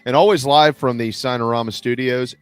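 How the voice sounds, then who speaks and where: A man's voice: mid-range voice, fairly even intonation, a little fast, smooth, no room sound, soft background music. A man hosting a radio talk show, telling stories in casual chat from a studio microphone. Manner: storytelling with Southern "y'all".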